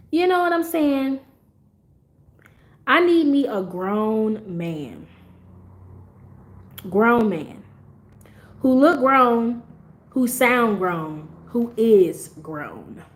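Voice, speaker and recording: A young woman hosting a livestream, chatting casually to her viewers, blunt and profane and laughing often. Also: mid-range voice. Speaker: livestream host.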